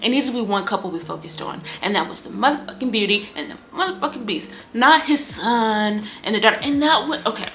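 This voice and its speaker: A woman giving a casual book review on her vlog, talking in an animated, candid way, swearing freely and acting out lines from the story. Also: on the high side, a little fast, few pauses, slight background noise. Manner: animated, candid and profane, acts out quotes.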